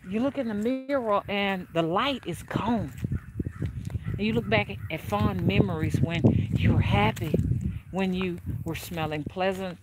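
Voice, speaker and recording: On a casual livestream, an older woman acting as a spiritual advisor talks frankly and preachily to viewers, with many fillers and restarts. Her medium-pitched voice is a little slow, and the recording is very noisy.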